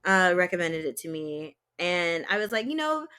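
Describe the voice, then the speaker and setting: A woman's voice: on the low side, normal speed, clean tone. A woman from Georgia co-hosting a podcast, chatting casually and animatedly, acting out lines with feeling. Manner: animated, dramatic re-enactments. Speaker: podcast co-host. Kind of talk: casual chat.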